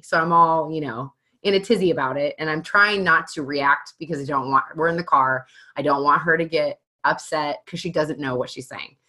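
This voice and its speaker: A woman in her thirties, a mother of young children, chatting casually and telling a family story in an animated, self-mocking way. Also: low-pitched, moderate pace, hardly any pauses. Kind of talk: casual chat.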